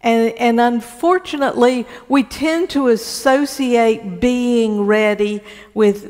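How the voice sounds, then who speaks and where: A woman pastor preaching a sermon in a church, speaking deliberately and often repeating words as she gathers her thoughts. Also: fairly high pitch, fairly even intonation, darkish tone, long reverb tail.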